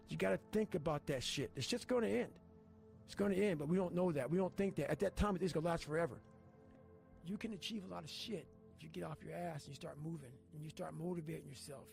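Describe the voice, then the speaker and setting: A man with a gravelly, fairly high voice delivers an intense, blunt motivational speech full of profanity. Steady motivational music plays clearly underneath him. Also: quick pace. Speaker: motivational speaker. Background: motivational background music.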